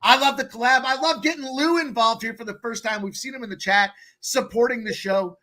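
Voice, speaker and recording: A man hosting a sports betting show, talking in an energetic, slangy hype style. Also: very high voice, brisk. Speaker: host.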